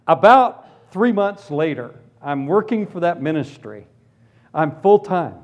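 A man preaching and giving his personal testimony, telling it as a lively story and acting out the other people in it. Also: on the high side, a little slow, a little hiss or hum. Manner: animated storytelling, acts out voices. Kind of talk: testimony sermon.

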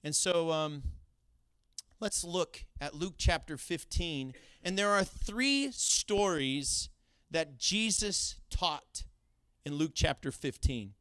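A middle-aged man preaching a sermon, telling a personal story in an animated way with laughing asides. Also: fairly high pitch, slow pace, smooth, no echo, studio quality. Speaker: pastor.

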